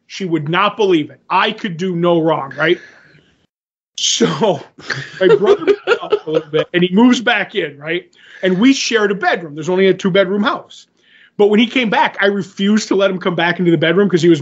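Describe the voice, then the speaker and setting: A man with a high, husky voice spins animated stories on a podcast, chuckling as he goes. The audio is dull and lo-fi. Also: a little fast. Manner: animated, laughing while telling anecdotes. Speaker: podcast co-host. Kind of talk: casual storytelling chat.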